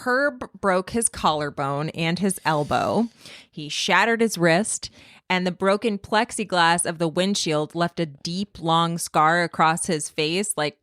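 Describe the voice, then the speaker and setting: A young woman with a slightly low voice leads the storytelling on a casual podcast. She delivers it with dry, deadpan humor and breaks into laughter often. The mic is close and dry. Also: no echo. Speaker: podcast co-host.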